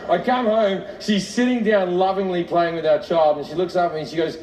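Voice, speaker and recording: A man's voice: high-pitched, fairly quick, hardly any pauses, crowd noise. A middle-aged man doing a stand-up comedy routine, telling a profane, self-mocking story with laughs. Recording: echoey, distant, noisy live recording.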